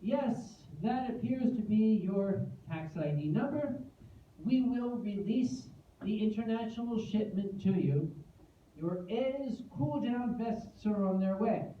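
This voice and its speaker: A man's voice: high-pitched, animated, slow pace, highs cut off, a little hiss or hum, voice pushed up. A man quoting a polite, formal female shipping clerk, heard from a distance in a roomy hall. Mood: businesslike.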